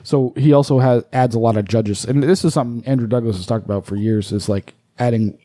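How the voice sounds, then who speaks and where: A man co-hosting a casual podcast, swearing freely and rambling through his explanations. His voice is mellow and dark in tone at a middle pitch. The recording is dry and close. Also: brisk, dry recording. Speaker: podcast co-host.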